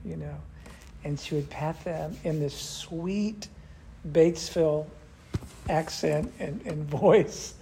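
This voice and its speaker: Older guy teaching church class, a bit high pitched, chatty and asks questions. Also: a little slow, vocal fry, mellow, slight background noise. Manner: conversational, asks the group questions. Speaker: pastor.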